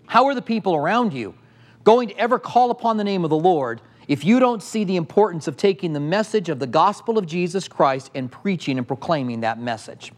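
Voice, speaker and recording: Middle-aged guy preaching a sermon, fairly high voice, fired up, lots of rhetorical questions. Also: expressive, a little fast. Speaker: pastor. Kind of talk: sermon teaching.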